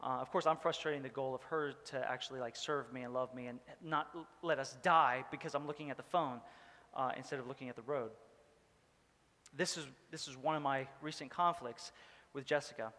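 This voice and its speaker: A man's voice: mid-range voice, fairly quick, bright, forceful tone, in a large hall. A male pastor giving a casual, joking sermon, rambling with many fillers. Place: church hall.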